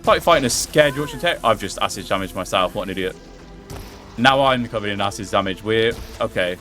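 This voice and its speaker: A man giving excitable, swear-laden live gameplay commentary, talking to himself and to the game character as he fights. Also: lowish voice, fairly quick, faint music behind. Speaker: gameplay streamer.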